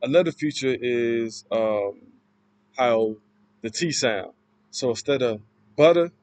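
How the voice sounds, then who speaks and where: A man talks through a class presentation at an unhurried, slow pace. He explains haltingly and loosely. His voice sounds close and dry, with no room around it. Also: medium pitch, a little mellow, dry recording, lo-fi sound. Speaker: student presenter.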